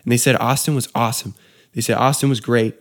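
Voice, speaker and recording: A man's voice: mid-range voice, level tone, quick pace. A young man, a wedding DJ, telling a story in casual chat, laid-back and saying dude a lot.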